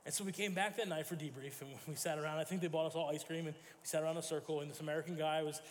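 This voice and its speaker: A man's voice: fairly high pitch, fairly even intonation, racing, big-room sound, slight background noise. A man preaching a sermon as pastor, telling stories and acting out quoted voices. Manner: storytelling with acted quotes and self-corrections. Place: church sanctuary.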